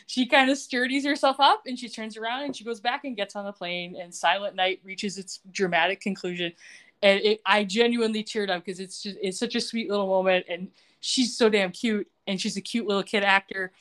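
Woman, podcast co-host, casual chat, mid-range voice, animated storytelling. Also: mid-range voice, fairly quick. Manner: animated storytelling, acts out quotes.

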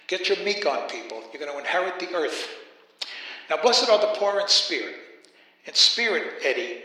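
A man's voice: a little high, pushed and bright. A man with a Brooklyn accent voicing Jesus as a folksy, joking Brooklyn rabbi giving a sermon. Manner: folksy, joking street-corner preaching. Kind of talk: comic monologue. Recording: very echoey room.

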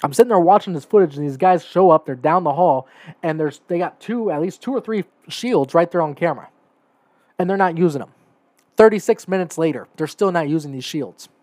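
A man with a slightly raised pitch delivers opinionated podcast commentary in a dead-dry recording. He speaks emphatically, leaning on "right?" and "okay?", and builds to heated moments. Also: lively intonation, fairly quick, warm tone, no room sound. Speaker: podcast host.

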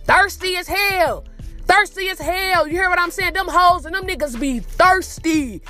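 A woman's voice: extremely high pitch, a little slow, bright, forceful tone, faint music behind. A woman hosting a podcast in a casual monologue, blunt, profane and preachy. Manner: blunt, profane, preachy, calls listener "my baby". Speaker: podcast host.

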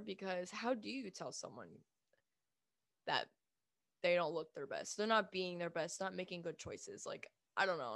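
A young woman vents in a casual vlog rant, blunt and emphatic, with frequent swearing and a steady stream of "like". Her voice sits at a middling pitch for a woman. The sound is close and dry, with no room echo. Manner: speaks with lots of "like" fillers. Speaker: vlogger.

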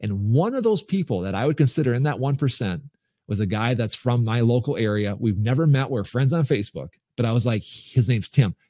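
A man's voice: mid-range voice, lively intonation, a little fast, dark tone, no echo, clean studio sound. A middle-aged man, a podcast guest, telling his personal story in an earnest, emphatic way with frequent restarts.

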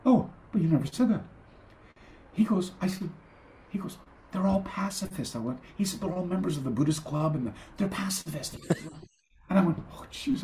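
An older man spins a long, rambling story as a guest on a video call. He restarts sentences often and breaks into animated quoted voices, at a middle pitch. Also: creaky, slight background noise. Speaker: guest karate teacher. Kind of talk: storytelling in a casual interview.

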